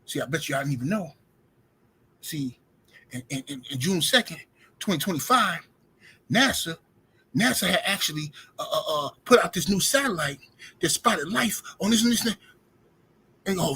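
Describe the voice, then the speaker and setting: A man hosting a livestream, talking in loose slang with a high, bright voice. His tone is husky and a little rough, and he rambles from one point to the next. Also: animated, moderate pace, long pauses. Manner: loose slangy rant, greets viewers. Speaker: livestream host. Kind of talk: casual livestream commentary. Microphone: streaming setup mic.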